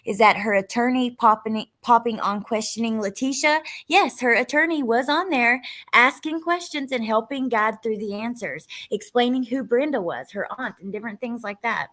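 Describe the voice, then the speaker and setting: A woman's voice: on the high side, moderate pace, fairly bright tone. A woman hosting a casual true crime livestream, talking in a chatty, rambling way with frequent ums.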